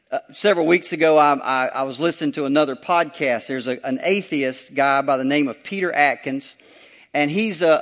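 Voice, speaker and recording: A male pastor, preaching a sermon emphatically, repeating phrases and building to loud surges. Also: mid-range voice.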